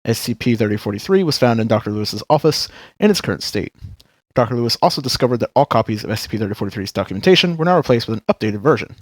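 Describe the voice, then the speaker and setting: A man's voice: mid-range voice, animated, rapid-fire, dry recording. A man co-hosting a podcast, reading a wiki article aloud in an amused way. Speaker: podcast co-host.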